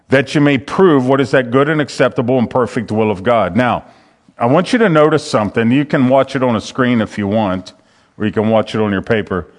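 A man preaching a sermon, reading scripture aloud and explaining it verse by verse with earnest, repeated emphasis. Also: medium pitch. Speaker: pastor.

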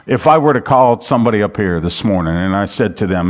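A man's voice: on the low side, lively intonation, fast. Pastor, male, conversational sermon with read scripture and repeated points, long reverb of a big hall. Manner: conversational preaching, reads scripture aloud, repeats phrases. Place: church sanctuary.

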